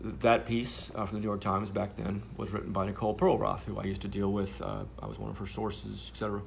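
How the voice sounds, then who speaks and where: A man's voice: fairly low pitch, flat delivery, a little fast, vocal fry, a little hiss or hum. A man telling a story to camera in a sardonic, rambling way, with many fillers.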